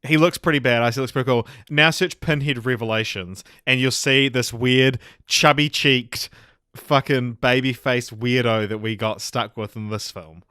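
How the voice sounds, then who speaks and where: Blunt, emphatic podcast co-host, dry close sound. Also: male voice, medium pitch, fairly even intonation, normal speed, sharp tone, smooth, dry recording. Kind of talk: casual film review chat.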